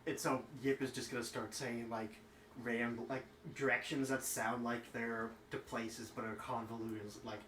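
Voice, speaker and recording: A man's voice: medium pitch, little pitch movement, normal speed, a bit bright, slight background noise. Casual man playing a tabletop game. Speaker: player. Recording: echoey room, far from the mic.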